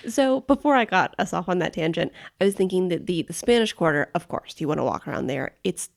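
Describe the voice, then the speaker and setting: Heavily gravelly American woman. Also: fairly low pitch, lively intonation, brisk. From United States. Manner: chatty, laughs easily. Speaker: podcast co-host. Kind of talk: casual travel podcast chat.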